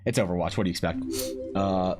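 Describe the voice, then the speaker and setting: A man's voice: deep voice, fairly even intonation, fast, over music. A man from Canada, chatting casually on a live stream, rambling with many restarts and freely swearing.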